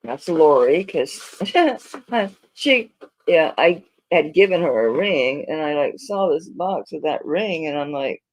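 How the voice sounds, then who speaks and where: A woman's voice: low-pitched, lively intonation, slow pace. Flustered woman chatting on a live stream. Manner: flustered, rambling, talks to viewers while searching. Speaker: jewelry seller on a live auction stream. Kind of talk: live-stream chat while sorting orders.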